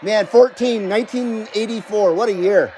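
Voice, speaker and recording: A man in his fifties hosts a casual CB radio live stream from his home radio room, laid-back and jokey as he reads viewer comments and calls out on air. His voice sits fairly high for a man. A faint hiss runs under the recording. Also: normal speed. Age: 50s. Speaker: CB radio livestream host.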